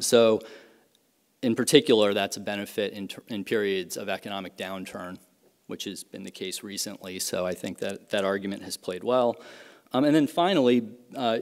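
A middle-aged male professor delivers an academic lecture in a fairly low voice, measured and careful, pausing with fillers and restarting phrases. The sound carries a long reverb from the lecture hall. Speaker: economics professor.

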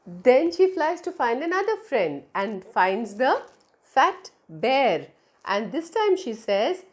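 A woman telling a picture story to young children, drawing out her words in a slow, expressive way. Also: a little high.

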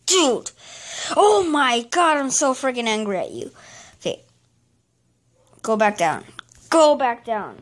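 A woman with a fairly high voice talks through a game she is playing, in casual commentary for her channel. She speaks slowly and drags her words out. She keeps scolding the game and exclaiming in frustration. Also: sing-song. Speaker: gaming channel host.

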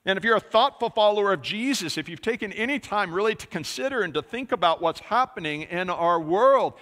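A man delivers a sermon with a bright, forceful tone and a voice sitting a little high for a man. He talks in a conversational way, full of small fillers. A long reverb trails each phrase through the church hall. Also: expressive, fairly quick. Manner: conversational preaching with many fillers. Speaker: pastor. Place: church sanctuary.

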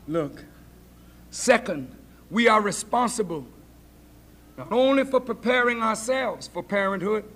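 A man preaching a sermon lecture as minister, shouting for emphasis and acting out the voices of others. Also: sits high, expressive, a little slow, pauses often. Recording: 1980s lecture hall recording.

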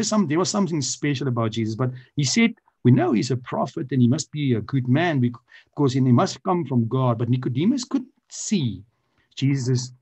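A man's voice: medium pitch, dark tone, breathy edge, muffled recording. A man on a church panel explaining theology off the cuff, with frequent fillers and restarts. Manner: hesitant, many restarts and fillers. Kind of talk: unscripted teaching explanation.

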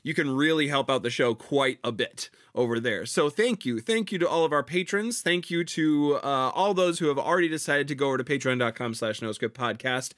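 A man's voice: medium pitch, a little fast, hardly any pauses, a bit bright, no room sound, studio quality. A man co-hosting a podcast, speaking in a friendly, casual way and often repeating words as he starts a sentence. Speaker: podcast co-host. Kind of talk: casual chat and patron appeal.

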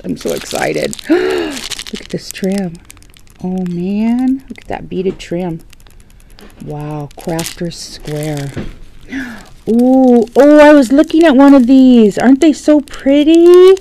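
Woman crafting vlogger, unboxing, slow and excitable with a wide-ranging voice, sometimes hushed. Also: lowish voice, rough recording. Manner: gushing, gasping, often drops to a hushed whisper. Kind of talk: casual unboxing vlog. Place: home, at a dining table.

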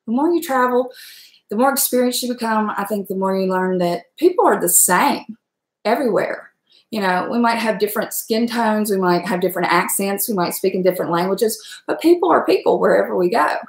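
A chatty middle-aged woman with a Southern accent from Southwestern Virginia talks casually to her viewers. She wanders from thought to thought and laughs often. Her voice sits at a middle pitch, and the room around her rings with echo. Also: expressive, gravelly. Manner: chatty, rambling, quick to laugh. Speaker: livestream host chatting with viewers. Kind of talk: casual chat.

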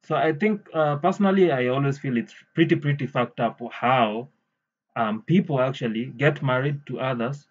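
A man's voice: mid-range voice, moderate pace, dull audio. A man giving blunt, opinionated casual commentary on a clip, swearing freely.

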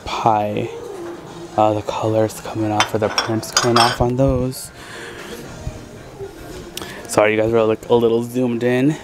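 A man chatting casually as a vlogger out thrift shopping, excitable and full of "like". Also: lowish voice. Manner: excitable, chatty, heavy use of "like". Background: background music.

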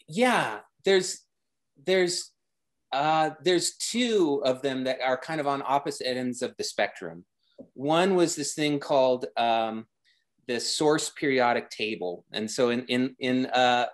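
A man with a medium-pitched voice speaks slowly as a guest designer in a casual interview. He rambles with many restarts and grows more enthusiastic as he goes.

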